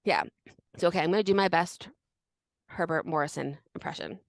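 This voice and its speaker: A young woman co-hosting a casual history podcast, animated and full of fillers. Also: lowish voice, fairly quick, gravelly, dry recording. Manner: animated, many fillers and restarts. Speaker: podcast co-host.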